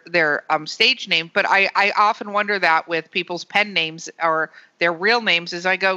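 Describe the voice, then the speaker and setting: A woman's voice: medium pitch, sharp tone, clean tone. A woman hosting a podcast, chatting casually with a rambling, restarting manner. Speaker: podcast host. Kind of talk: casual chat. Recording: muffled lo-fi podcast audio.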